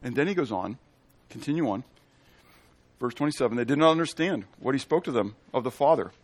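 With a medium-pitched, lively voice, a male pastor teaches a Bible study forcefully. Scripture is read out slowly and at volume, and he poses questions to his listeners only to answer them himself during the sermon.

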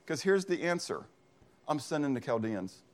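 A man's voice: on the high side, sing-song, moderate pace. A man preaching, voicing God as a casual, colloquial figure who reassures a prophet. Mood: reassuring. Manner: breezy and colloquial. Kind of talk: sermon retelling.

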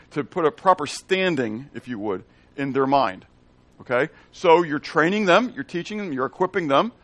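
A man's voice: on the high side, a bit bright, no echo. A man giving a Bible teaching in a conversational way, checking in with the audience and asking them questions. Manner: asks the audience questions and repeats phrases.

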